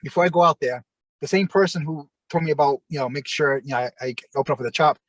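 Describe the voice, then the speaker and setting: A former wrestler as an interview guest, telling long rambling anecdotes with lots of fillers and acted-out quotes. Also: male voice, fairly high pitch, fast talker, no room sound, poor audio. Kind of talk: casual storytelling.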